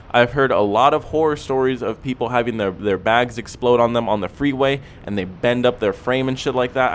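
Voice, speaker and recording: A man's voice: mid-range voice, slight background noise. Laid-back young man giving car advice. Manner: laid-back, rambling, repeats "okay?" and "you know". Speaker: car vlogger. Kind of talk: casual advice talk to camera.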